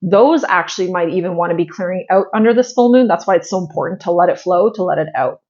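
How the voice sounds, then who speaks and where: A woman's voice: lowish voice, quick pace, a little mellow, muffled recording. Chatty woman giving a heartfelt spiritual pep talk. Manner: chatty, heartfelt, full of "like" fillers, blunt with swearing. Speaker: spiritual astrology channel host.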